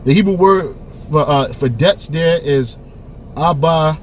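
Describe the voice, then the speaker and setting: A man teaching and preaching in a forceful, emphatic way, often tagging his lines with "man" and restarting phrases. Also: fairly high pitch, a little slow, a little hiss or hum. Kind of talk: preaching street-style commentary.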